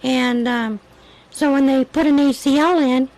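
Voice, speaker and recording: A woman's voice: high voice, steady tone, unhurried, a little mellow, low-quality recording. A woman hosting a livestream in casual chat, with a weak voice that is hard to project, telling a story in a chatty, rambling way. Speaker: livestream host.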